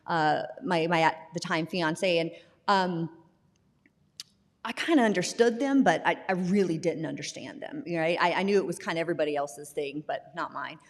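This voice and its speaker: A woman's voice: fairly low pitch, moderate pace. Candid woman telling her story in a hall. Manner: candid, self-deprecating, laughs often, restarts words. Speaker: guest sharing her recovery story. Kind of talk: personal testimony in a recovery talk. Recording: long reverb in a hall.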